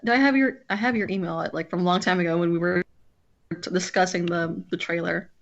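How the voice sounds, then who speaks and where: A woman's voice: lowish voice, fairly even intonation, fairly quick, vocal fry, highs cut off. A woman streamer chatting casually with a friend while drawing, rambling and often breaking off to restart her sentences.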